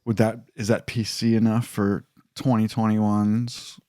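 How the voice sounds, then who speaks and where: A man's voice: lowish voice, flat delivery, unhurried, mellow, dry recording, clean studio sound. A man co-hosting a comedy podcast, chatty and teasing as he leads the casual talk. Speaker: podcast co-host.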